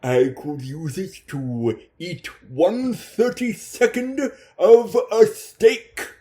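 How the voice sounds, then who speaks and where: A man's voice: sits high, drawn-out words, warm tone, voice pushed up. A man voicing a toothless, pompous pimp in a raised, mock-genteel voice. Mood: smarmy.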